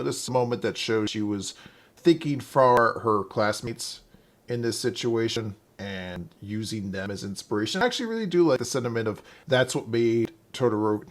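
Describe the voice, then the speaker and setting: A man co-hosting a podcast in casual chat, talking things through thoughtfully and often repeating words as he thinks. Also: on the low side. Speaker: podcast co-host.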